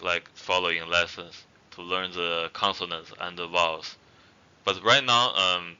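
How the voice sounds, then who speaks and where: Deep, bright-toned man teaching a lesson. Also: smooth, lo-fi sound. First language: not Zhuang. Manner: hesitant, many fillers and restarts. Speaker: language teacher. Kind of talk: casual spoken lesson.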